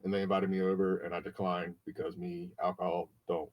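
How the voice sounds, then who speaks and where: A man's voice: sits low, level tone, brisk, dull audio. A man hosting a podcast, telling an emotional story in casual, profane chat and acting out his friends' voices. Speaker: podcast host.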